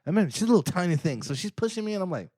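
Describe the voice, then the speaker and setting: A man's voice: high voice, very animated, racing, darkish tone, husky, dry recording, clean studio sound. A man co-hosting a podcast, telling rambling, profane stories in casual chat and laughing often. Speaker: podcast co-host.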